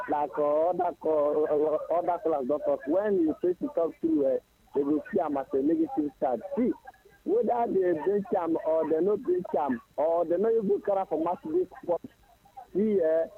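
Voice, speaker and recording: A man calling in to a sports radio show speaks Nigerian Pidgin English, stopping often and filling gaps with "uh". His voice is gravelly and a bit husky, and it comes through a tinny phone line. It is pitched slightly high and moves a lot. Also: animated, dry recording. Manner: halting, many fillers. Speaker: caller.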